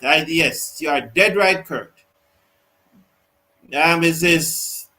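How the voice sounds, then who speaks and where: Male host, high voice, excitable live cricket commentary and comment reading. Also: low-quality recording. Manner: excitable, reads viewer comments aloud. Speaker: host of a cricket watch-along.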